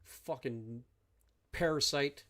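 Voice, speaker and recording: A man's voice: medium pitch, takes it slowly, fairly bright tone. A man streaming a strategy game live, ranting and swearing at his opponents as he plays. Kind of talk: live gameplay commentary.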